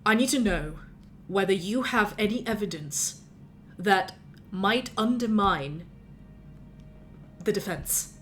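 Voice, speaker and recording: A man's voice: high-pitched, expressive, slow, a bit bright, faint music behind, heavily acted. A man voicing a stern, professional male lawyer who speaks in clipped, formal sentences.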